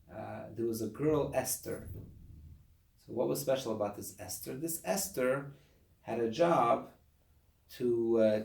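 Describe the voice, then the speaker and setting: Echoey gravelly man teaching a class. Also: medium pitch. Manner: animated, acts out voices of people. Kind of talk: lesson to a study group.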